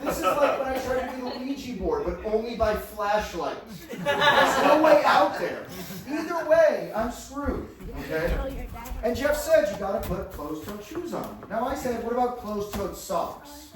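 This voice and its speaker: A man doing a playful, self-mocking stand-up set, often laughing through his own lines. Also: extremely high pitch. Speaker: stand-up performer. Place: large hall with live audience. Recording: echoey hall, far from mic, live crowd.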